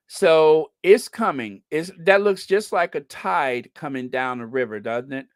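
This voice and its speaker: An unhurried, chatty livestream host from the US who lets each thought run on and giggles at their own jokes. The sound is dry and close, with no room around it. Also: mid-range voice, no echo. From United States. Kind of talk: casual livestream chat.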